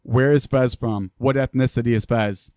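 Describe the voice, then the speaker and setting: A man's voice: mid-range voice, steady tone, moderate pace, mellow, smooth, no echo, clean studio sound. A man co-hosting a podcast in casual chat, joking and swearing often. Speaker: podcast co-host.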